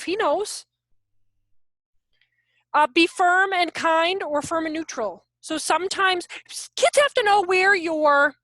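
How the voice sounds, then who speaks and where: A high-pitched woman talks through a parenting workshop over a video call, chatty and loose, slipping into little acted-out voices of parents and kids. The sound is close and dry, with no room echo. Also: fairly bright tone. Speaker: workshop presenter on parenting and teaching. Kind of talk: casual online workshop talk.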